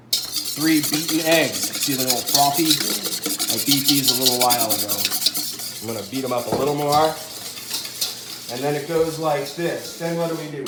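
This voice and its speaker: A man hosts a casual home cooking demonstration, rambling along with plenty of fillers and deadpan jokes. His voice sits in a middle pitch. The kitchen sounds roomy and echoey, with pots and dishes clattering in the background. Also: background noise. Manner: rambling and jokey, lots of fillers and restarts. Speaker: cooking show host.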